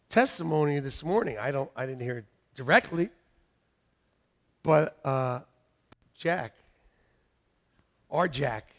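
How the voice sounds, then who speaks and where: A middle-aged man preaching a sermon as pastor, animated, breaking into shouted bursts and laughing asides. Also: medium pitch.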